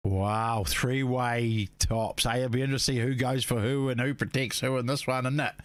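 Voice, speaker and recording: Laid-back Kiwi race commentator, matey. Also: male voice, medium pitch, fairly even intonation, normal speed, dry recording. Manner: laid-back, matey, peppers talk with "mate" and "eh". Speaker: race commentator and stream host. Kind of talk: casual live race commentary.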